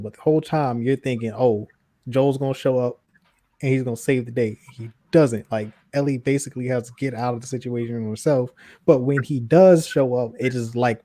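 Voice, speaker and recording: A man's voice: mid-range voice, dark tone, no echo. A man co-hosting a podcast in casual chat, laid-back, laughing easily and trailing off. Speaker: podcast co-host.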